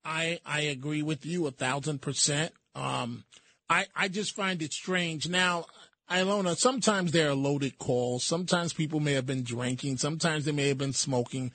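A man hosting a call-in radio talk show, firm and quick to cut callers off. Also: a little high, a bit bright, no echo.

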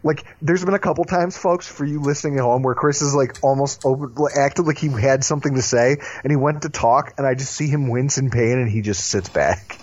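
A man's voice: mid-range voice, moderate pace, hardly any pauses, no echo. A man hosting a sports podcast, chatting casually and teasing his co-host. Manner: animated, teasing. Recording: dull lo-fi sound.

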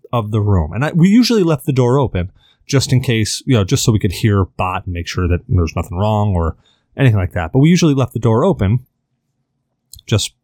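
A man's voice: medium pitch, darkish tone, no room sound, studio quality. A man in his thirties telling a long anecdote on a podcast, casual and profane, full of fillers and restarts. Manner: rambling, filler-heavy, profane. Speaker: podcast host. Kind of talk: casual storytelling.

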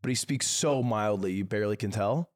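A man's voice: fairly low pitch, fairly quick. Laid-back man cracking dry jokes. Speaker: podcast co-host. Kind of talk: casual chat.

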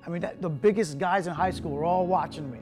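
A man's voice: sits high, fast. A man telling a casual, chatty story in a played documentary clip. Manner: chatty, many fillers. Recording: clip played with music underneath.

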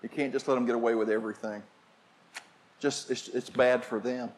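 An older man preaching a sermon, telling family stories and shifting from shouts to quiet asides. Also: mid-range voice, fairly even intonation, brisk. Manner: storytelling preacher, swings from shouting to hushed. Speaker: pastor.

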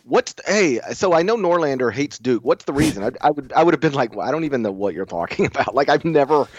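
A man co-hosting a podcast in casual chat, halting with many fillers and laughing often. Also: mid-range voice, expressive, no room sound, highs cut off. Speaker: podcast co-host.

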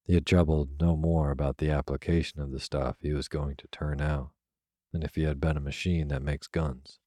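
A man reading a classic novel aloud as a soft, unhurried bedtime story. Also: rumbling low, dry recording, clean studio sound. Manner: soft, even, unhurried delivery. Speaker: narrator. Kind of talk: slow, soothing sleep-story reading.

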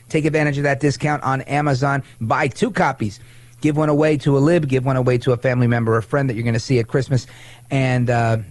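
A man hosting a political talk show in an energetic, sarcastic and playful way. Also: medium pitch, dry recording. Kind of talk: talk radio/podcast monologue.

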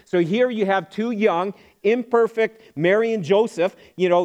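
Pastor guy, middle-aged, preaching chatty, higher voice, stumbles and repeats words. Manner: conversational, repeats words and acts out quoted voices. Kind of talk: sermon.

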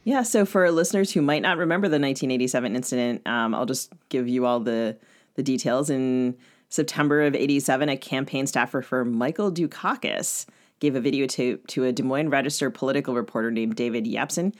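A woman co-hosting an interview podcast, explaining background in a clear, lightly playful way. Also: very deep voice, brisk. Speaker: podcast co-host. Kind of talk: conversational interview, reading background notes.

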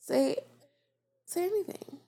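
A woman's voice: extremely high pitch, slow, creaky, mellow. A woman co-hosting a casual podcast chat with playful, teasing banter.

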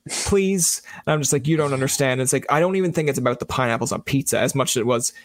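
Man, mid pitch, chatty podcast storyteller who acts out what he said, self-deprecating, dry close sound. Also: very fast, dry recording. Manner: joking storyteller who acts out his own lines. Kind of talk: casual podcast chat.

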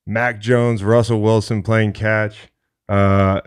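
Profane, animated man spinning a comic yarn. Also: medium pitch. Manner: profane, animated storyteller doing quick character voices. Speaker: podcast co-host. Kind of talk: comedic storytelling, casual chat.

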